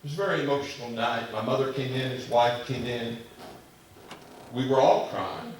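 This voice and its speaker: A man preaching a sermon, moving between loud, emphatic declarations and quiet, hushed storytelling as he addresses the congregation. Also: mid-range voice, normal speed. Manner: impassioned, swinging from loud emphasis to hushed telling. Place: church sanctuary. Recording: very echoey church hall from far off, faint hiss.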